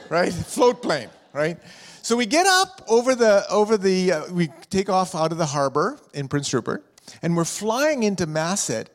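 A middle-aged man preaching a sermon in church, chatty and jokey, telling stories and asking the room questions. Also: a little high. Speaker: pastor and district superintendent. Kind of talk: sermon with humorous storytelling. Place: church hall with a live congregation. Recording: long hall reverb.

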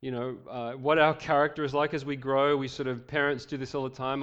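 A man's voice: mid-range voice, fairly even intonation, fairly quick, few pauses, clean tone, muffled recording. A male pastor preaching a sermon, reading scripture with voiced quotes and joking asides.

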